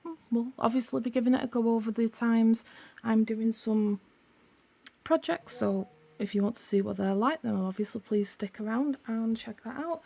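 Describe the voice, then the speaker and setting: Woman, craft-channel host, croaky with a sore throat, dark and gravelly tone, casual rambling chat. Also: fairly high pitch, moderate pace. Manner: chatty, rambling, self-correcting.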